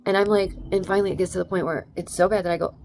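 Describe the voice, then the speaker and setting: A woman's voice: fairly low pitch, steady tone, rapid-fire, vocal fry, a little mellow. A young adult woman telling a rambling, emphatic story in a casual vlog, full of "like" and "right?". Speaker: vlogger.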